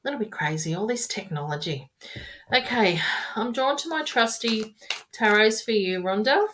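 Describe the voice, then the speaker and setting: A woman's voice: on the high side, animated, normal speed, a bit bright, a little hiss or hum. A woman giving live-streamed tarot readings in a rambling, repetitive, affectionate way, calling viewers darling and my loves. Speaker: tarot reader.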